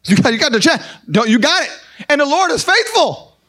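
A man's voice: very high-pitched, very animated, fairly quick, sharp tone. A man preaching a sermon, emphatic and repeating short, punchy phrases.

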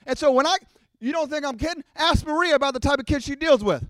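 A middle-aged man preaching a sermon to his congregation, animated and acting out the voices of his listeners. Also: extremely high pitch, quick pace, dry recording, studio quality. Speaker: pastor.

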